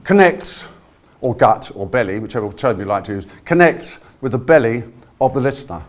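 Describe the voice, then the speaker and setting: Energetic man coaching a live audience. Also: mid-range voice, a little fast. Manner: energetic, encouraging, leads the audience through exercises. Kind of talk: live workshop demonstration. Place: conference room with a live audience. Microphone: no handheld mic, projecting to the room.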